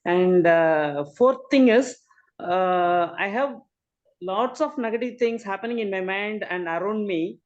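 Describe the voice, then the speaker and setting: A woman's voice: medium pitch, unhurried. A woman asks her coach a question in a hesitant, searching way. Her audio comes through a dull, muffled call connection. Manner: hesitant, many fillers and okays. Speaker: caller asking questions. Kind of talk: asking questions on a group call.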